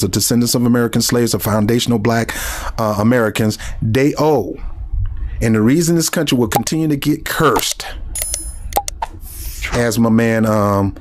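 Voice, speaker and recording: A man hosting a political commentary, fervent and preachy, often restarting and repeating himself. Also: medium pitch. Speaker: commentary host.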